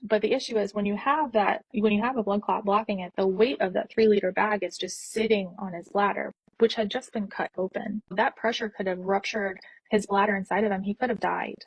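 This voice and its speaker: A woman nurse tells a personal story and acts out every quoted line with feeling. Her voice is soft and slightly breathy. The recording is close and dry, with no room echo. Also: mid-range voice, steady tone, fairly quick. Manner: intense, emotional retelling with quoted dialogue.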